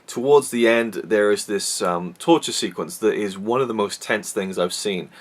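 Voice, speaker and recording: Male film reviewer, low-pitched, chatty, self-correcting delivery. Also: normal speed. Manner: rambling, many restarts and fillers. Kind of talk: casual solo movie review.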